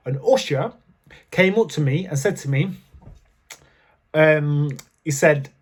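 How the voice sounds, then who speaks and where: A male vlogger tells candid personal stories to camera in a chatty, casual way with frequent fillers. His voice is fairly high and slow, with a breathy edge.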